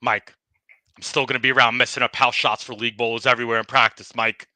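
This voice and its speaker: A man's voice: mid-range voice, flat delivery, fast, bright, forceful tone, no room sound. A man voicing a tough-talking bowling ball in a comedy podcast skit, griping and boasting as he trash-talks and keeps saying the host's name. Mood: boastful. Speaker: guest.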